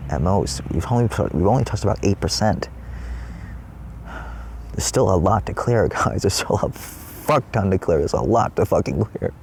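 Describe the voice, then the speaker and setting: A man's voice: low voice, a little mellow, a little hiss or hum. A man giving a rambling spiritual monologue in his trailer, swearing often and acting out his own past cries. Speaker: spiritual vlogger.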